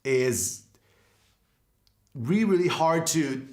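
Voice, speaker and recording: A guitar teacher with a slightly high, expressive, somewhat mellow voice takes his time explaining pedal tones in a casual gear demonstration. He talks loosely and conversationally with frequent fillers, in an echoey room with faint guitar music.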